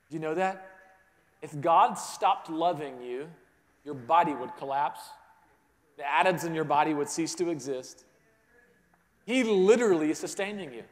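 A man preaching a sermon to a congregation, moving between hushed, intimate passages and rising emphatic ones, often restarting his words. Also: fairly high pitch, big-room sound. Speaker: pastor. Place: large church sanctuary.

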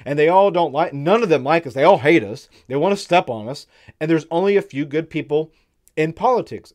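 A somewhat high-voiced man chatting on a live stream, loose and rambling with plenty of fillers and repeated words. He reads headlines out slowly and deliberately, then breaks into excitable, eager commentary. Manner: slows down when reading headlines aloud. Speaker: streamer host.

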